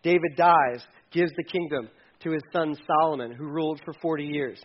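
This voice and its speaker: A man preaching a sermon, animated and humorous, acting out scripture lines in his own voice. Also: a little high, normal speed, highs cut off. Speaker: pastor.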